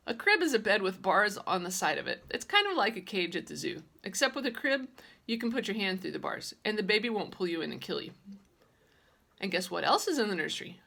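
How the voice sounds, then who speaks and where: A woman narrating a children's audiobook in a lively, childlike storytelling manner. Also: medium pitch, brisk, creaky. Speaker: audiobook reader.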